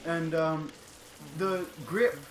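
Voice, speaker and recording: A man's voice: a little high, steady tone, extremely slow. A young man telling a profane, laugh-filled story while playing a video game. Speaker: gaming channel co-host. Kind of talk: casual storytelling over gameplay. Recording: echoey room with game music. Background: video game music.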